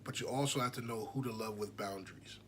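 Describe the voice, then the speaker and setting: A man's voice: fairly low pitch, fast, slight background noise. A young man co-hosting a podcast, talking casually and rambling with many fillers. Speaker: podcast co-host. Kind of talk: casual chat.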